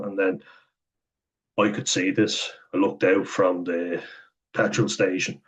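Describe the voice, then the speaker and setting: Brief: young Irish male vlogger, deep husky voice, blunt and sweary. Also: level tone, moderate pace, lo-fi sound. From Ireland. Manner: candid, sweary, chuckles while telling stories. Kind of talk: casual storytelling monologue.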